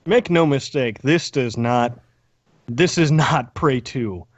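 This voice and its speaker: A man's voice: medium pitch, takes it slowly, no echo. Male podcast co-host, loose rambling banter, dry close mic with a dull lo-fi edge. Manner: rambling, joking, many restarts. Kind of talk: casual chat.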